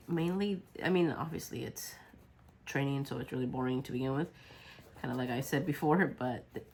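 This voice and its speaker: Low gravelly woman, sick and congested, chatty rambling craft vlog, noisy background. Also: darkish tone. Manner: rambling, full of ums, muttering while working. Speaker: junk journal crafter.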